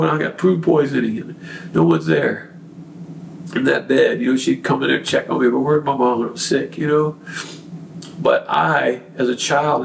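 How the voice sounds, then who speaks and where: Earnest gravelly man sharing his testimony. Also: on the high side, reverberant, far from the mic, slight background noise, rough recording. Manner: earnest, preachy, many fillers. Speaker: podcast guest. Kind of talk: casual testimony.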